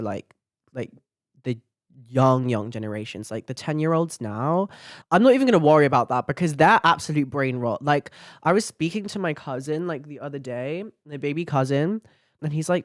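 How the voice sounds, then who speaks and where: A woman's voice: sits low, no room sound, studio quality. A young woman hosting a podcast, talking in a blunt, chatty way with lots of filler words and swearing. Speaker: podcast host. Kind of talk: casual chat to camera.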